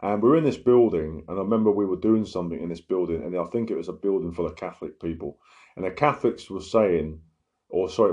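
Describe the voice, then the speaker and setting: Deep-voiced man preaching earnestly. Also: dark tone, dull audio. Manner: earnest, emphatic, repeats "right?" to the listener. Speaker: lay preacher giving testimony. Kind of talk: informal preaching.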